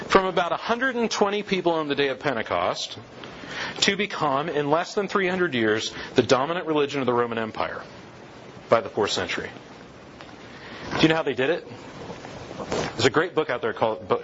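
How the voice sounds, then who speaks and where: A man's voice: mid-range voice, fairly bright tone, muffled recording, a little hiss or hum. Man lecturing with lots of rhetorical questions. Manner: conversational, asks the audience rhetorical questions. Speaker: lecturer on church history. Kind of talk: classroom lecture.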